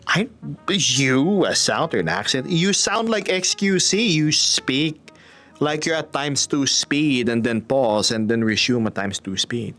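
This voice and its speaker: A man casually chatting on a live stream, reading viewer comments aloud, playful and quick to laugh. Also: medium pitch, lively intonation, fairly bright tone, faint music behind. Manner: playful, laughs often, reads chat aloud.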